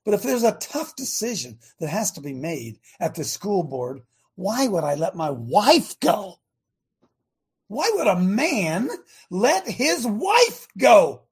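Man, high voice, husky, fiery preaching talk, emphatic, rhetorical questions. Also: very animated, slow. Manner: emphatic, rhetorical, drawing out key words. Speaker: radio show host.

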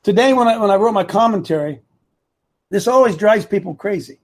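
Rambling husky-voiced male talk host. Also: high-pitched, expressive, a little fast, a little mellow. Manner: rambling, repeats himself for emphasis, talks to producer and chat. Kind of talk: live opinion commentary show.

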